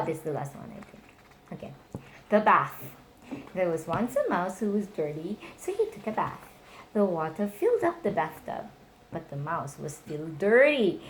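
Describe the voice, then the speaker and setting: Woman reading bedtime stories aloud to a child, very lively pitch, faint background hiss. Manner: animated, voices characters in high squeals. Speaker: reading stories to her nephew.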